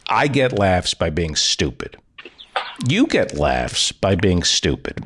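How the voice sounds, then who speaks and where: A middle-aged man hosts a comedy podcast and lectures his guest with wry, playful emphasis. His pitch swings very widely, jumping high and dropping low as he makes his points. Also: husky. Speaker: podcast host.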